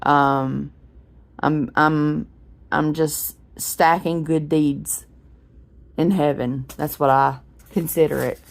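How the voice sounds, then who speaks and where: A woman's voice: low voice, steady tone, slow pace, creaky. A woman, telling a rambling story in a casual vlog while unwell. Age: 40s. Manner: rambling, chatty, with frequent restarts. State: unwell, clearing throat. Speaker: vlogger.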